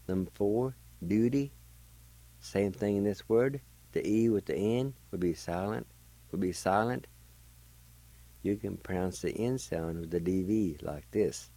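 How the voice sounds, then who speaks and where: A man's voice: lowish voice, unhurried, warm tone, dry recording, poor audio. A man teaching a language lesson on the radio, patiently spelling words letter by letter and sounding them out.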